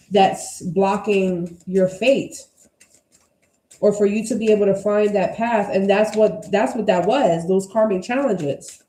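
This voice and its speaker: A woman's voice: mid-range voice, warm tone. A woman giving a casual tarot energy reading to her viewers, blunt and emphatic, with plenty of swearing. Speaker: tarot reader. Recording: roomy echo.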